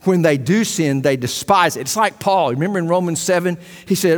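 Male preacher, impassioned sermon, high-pitched, rising and dropping to a hush, reverberant sanctuary. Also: brisk, few pauses. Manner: impassioned, swings between loud and hushed. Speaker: pastor. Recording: long hall reverb.

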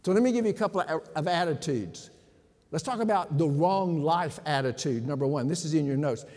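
A man's voice: fairly high pitch, a little fast, darkish tone. Emphatic preaching man in a reverberant hall. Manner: preacherly, emphatic, addresses the congregation directly. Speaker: pastor. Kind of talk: sermon.

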